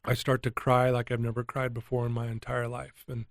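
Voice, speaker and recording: A middle-aged man recounts a personal turning point as an interview guest, speaking earnestly and with feeling. His voice sits in an ordinary middle pitch, recorded close and dry with no room sound. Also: a little fast, vocal fry, no echo. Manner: earnest, emotional, animated retelling. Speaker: guest, addiction recovery coach. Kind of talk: candid storytelling interview.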